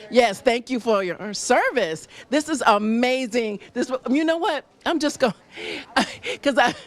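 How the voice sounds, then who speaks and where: A woman hosting a live stream from a restaurant, interviewing diners in a gushing, effusive way and laughing often. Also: sits high. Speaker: roving host interviewing diners.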